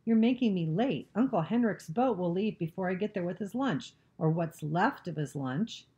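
A woman's voice: on the low side, very animated, normal speed, warm tone, muffled recording. A woman voicing a frightened young girl who chatters boldly and answers back insolently, in a storybook reading. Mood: defiant.

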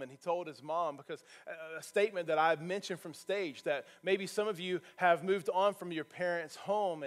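A male pastor preaching a sermon from a church stage, earnest and building to emphatic points. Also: high-pitched.

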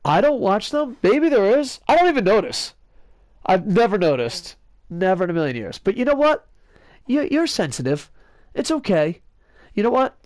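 A man's voice: high-pitched, normal speed, dry recording. A man hosting a casual gaming video, rambling through jokes, sarcastic rants and cursing while chatting with a friend off-mic. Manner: excitable, talks to a friend off-mic.

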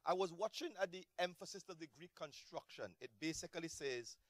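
A man preaching a sermon as a pastor, animated, swinging between shouted peaks and low, quiet asides. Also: a little fast, no echo.

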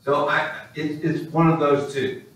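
Guy preaching a sermon, lively storyteller, slightly high voice, super echoey church, mic far off. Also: measured pace. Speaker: pastor. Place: church sanctuary. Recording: echoey hall, distant mic.

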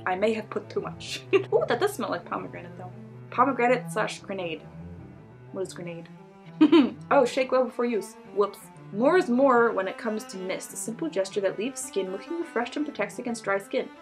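A woman's voice: medium pitch, animated, normal speed, soft background music. A young woman vlogger casually unboxing beauty products, gushing and giggling as she reads labels aloud.

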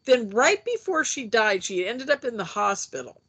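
A woman telling a personal story in a casual interview, animated and chatty, acting out the voices she quotes. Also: fairly high pitch, normal speed, husky. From United States. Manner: chatty with frequent fillers. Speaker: interview guest, UFO experiencer.

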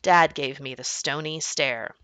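A woman's voice: deep voice, steady tone, measured pace, a bit bright, no room sound. A woman reading a children's book aloud as a teacher, narrating expressively. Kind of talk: storybook read-aloud narration.

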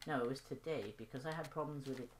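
A woman's voice: a bass voice, fast, slight background noise. A young woman chatting casually over a game in her vlog, rambling, silly and playful as she plays. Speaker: gaming channel host. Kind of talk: casual gaming vlog commentary.

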